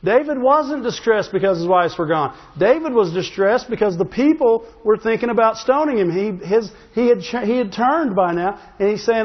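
High-voiced preacher in a reverberant church. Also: male voice, animated, normal speed, few pauses. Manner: constantly asking the congregation "Amen?"; humorous, storytelling delivery. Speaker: pastor. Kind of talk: sermon. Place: church sanctuary. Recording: long hall reverb, dull sound.

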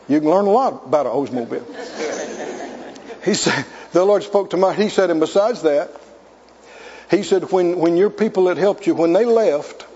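Preacher guy, real high lively voice, dull echoey hall sound. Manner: storytelling, emphatic, rising to near shouts. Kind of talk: sermon.

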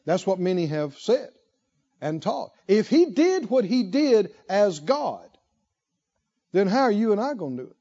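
Male preacher, high lively voice, unhurried delivery, rhetorical questions, muffled recording. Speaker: pastor. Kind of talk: sermon.

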